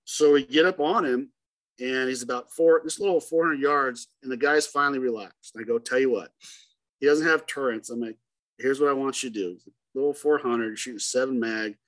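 A middle-aged hunting guide recounts a story in a relaxed interview, voicing each person in it as he goes. His voice sits at an ordinary middle pitch for a man, and he moves between quick asides and drawn-out emphasis. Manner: animated, acts out dialogue in the story.

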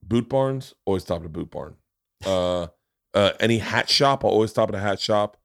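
A man's voice: fairly low pitch, moderate pace, creaky. A man hosting a podcast, rambling and joking with plenty of swearing in casual chat. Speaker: podcast host.

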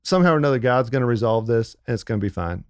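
A man on the church staff, co-hosting a casual faith podcast in an animated, upbeat way, with lots of fillers. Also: mid-range voice, racing, smooth, dry recording, studio quality.

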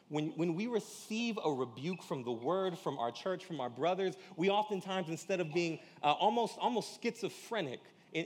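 A man preaching a sermon as pastor, in a casual slangy way, often acting out quoted dialogue. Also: fairly high pitch. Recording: church hall reverb.

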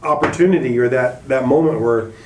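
A man's voice: mid-range voice, brisk, noisy background. A man in his fifties, a podcast co-host, talking reflectively in a casual group conversation. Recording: echoey room, away from the mic.

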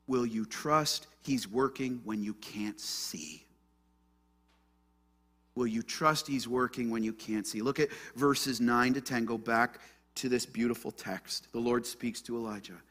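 A man preaching a sermon, earnest and emphatic, moving from hushed prayer to loud stress. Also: medium pitch. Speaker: pastor.

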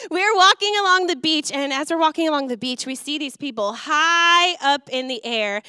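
A woman youth and missions pastor giving a sermon in a church, telling a lively story with acted quotes. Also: high-pitched, clear, resonant tone, dry recording, studio quality. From Wisconsin. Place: church auditorium.

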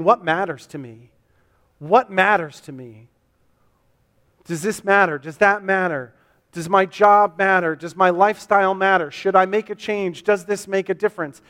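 In a church sanctuary, a male pastor with a high, fairly bright voice delivers a sermon to a camera for people watching online. Earnestly and repetitively, he puts his congregation's questions into words, with long hall reverb on the audio.

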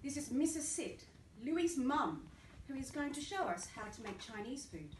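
A man voicing a young female schoolteacher who brightly announces something to her class. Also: extremely high pitch, sing-song, normal speed, pitched above the performer's own voice. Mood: announcing. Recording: distant echoey room with noise.

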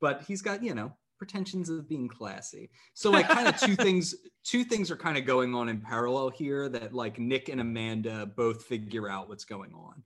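A man's voice: mid-range voice, animated, fairly bright tone. Thoughtful mid-voiced man on a podcast. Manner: measured, thoughtful, many fillers. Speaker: podcast co-host. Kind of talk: casual chat recapping a TV episode.

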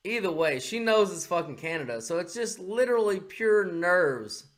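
A man's voice: sits high, lively intonation, normal speed, a little hiss or hum. A man co-hosting a casual podcast chat, blunt and mocking, swearing freely, on a podcast microphone. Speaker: podcast co-host.

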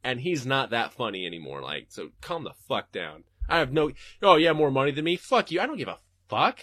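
A young man hosting a podcast, answering listener questions in a casual, profane, animated rant from his home desk. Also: mid-range voice, a little fast, few pauses, dry recording, studio quality.

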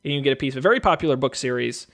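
A man's voice: mid-range voice, expressive, racing, vocal fry, fairly bright tone. A man hosting a casual show, reading out movie blurbs and calling bids like a jokey auctioneer. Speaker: host running a movie draft auction. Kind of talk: casual podcast chat.

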